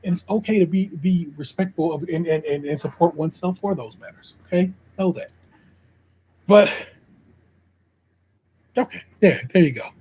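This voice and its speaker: A man's voice: high-pitched, moderate pace, long pauses, mellow, slightly rough. A middle-aged man with an Ohio accent, co-hosting a podcast, telling a long story in casual chat. He laughs often and acts out what people said. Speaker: podcast co-host.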